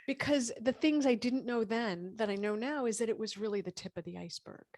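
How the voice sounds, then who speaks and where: Animated woman in her fifties, dry close sound. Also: fairly high pitch, a little fast, dry recording. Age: 50s. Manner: animated, acts out quoted dialogue. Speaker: podcast guest, gynecologist. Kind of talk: casual interview storytelling.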